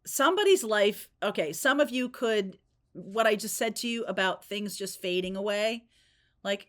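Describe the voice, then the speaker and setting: A woman's voice: medium pitch, animated, moderate pace, fairly bright tone. A woman giving a spontaneous tarot reading, talking in a chatty, rambling way and often checking in with "okay?" and "right?". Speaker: tarot reader.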